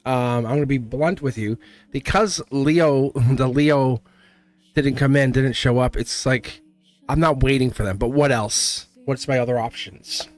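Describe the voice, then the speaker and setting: A man's voice: medium pitch, unhurried. A man giving a live tarot reading, blunt and chatty, laughing often and acting out little voices. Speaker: tarot reader.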